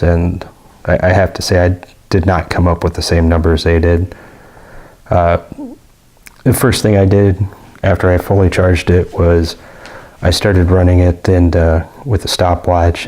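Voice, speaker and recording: A man's voice: sits low, warm tone. A man giving a casual, rambling product review with many fillers and restarts. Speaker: gear reviewer.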